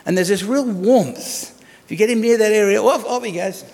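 A man's voice: high-pitched, normal speed, darkish tone. Man preaching in a reverberant hall. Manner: conversational, asks the congregation rhetorical questions. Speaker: pastor. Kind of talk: sermon.

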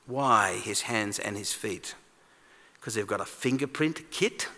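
A man preaching a sermon in a conversational, animated way, acting out quoted lines. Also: fairly low pitch, a little slow. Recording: long reverb of a large hall.

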